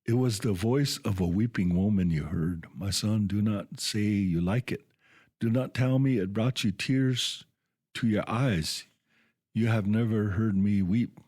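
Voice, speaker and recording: A scheming, possessive old toad mother from a storybook, voiced by a man reading aloud. The voice sits low and moves slowly and deliberately. The sound is close and dry. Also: darkish tone, no room sound. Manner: gruff and coarse when wailing.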